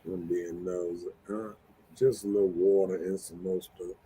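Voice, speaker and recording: A man's voice: low voice, flat delivery, normal speed, dark tone, husky. A man hosting a casual live-stream chat, joking and laid-back as he talks. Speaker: show host.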